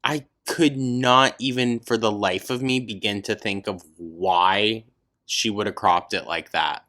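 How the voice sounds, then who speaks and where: A man's voice: fairly low pitch, a little slow, sharp tone. A man giving scornful, sarcastic commentary over a video clip, swearing freely. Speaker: reaction commentator.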